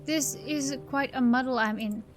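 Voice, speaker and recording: A woman's voice: high voice, moderate pace, lightly acted. A woman voicing a fussy, fretful grown man who speaks in a prim, old-fashioned way.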